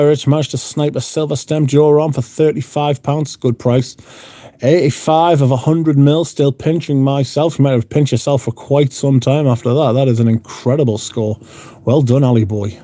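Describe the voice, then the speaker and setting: Sweary man with a dark, mellow voice. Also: medium pitch. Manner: sweary, blunt. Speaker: livestream host. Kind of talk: casual chat reading out viewer comments. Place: room at home.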